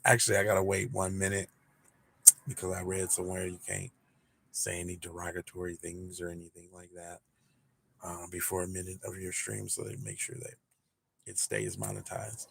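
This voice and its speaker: A man hosting an early-morning podcast livestream, talking in a slangy, teasing, animated way with many fillers. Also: sits low, moderate pace, gravelly, breathy edge. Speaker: podcast host.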